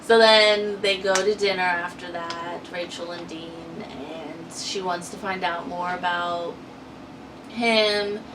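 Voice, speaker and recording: Slow-talking woman recapping with a distant mic. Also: fairly low pitch, fairly even intonation. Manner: chatty storyteller, giggles often and acts out quotes. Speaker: co-host of a TV recap channel. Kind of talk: casual chat recap. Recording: distant mic with noisy background.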